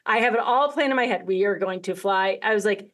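A woman's voice: mid-range voice, a little fast, fairly bright tone. A woman from the United States hosting a podcast, chatting casually and laughing often as she acts out bits of dialogue. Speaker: podcast host. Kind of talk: casual chat.

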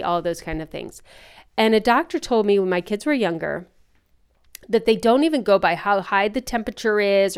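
Frank chatty woman in her 40s, very smooth clear voice, talks with her hands kinda. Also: medium pitch. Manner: chatty, frank, animated storytelling. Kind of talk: casual chat.

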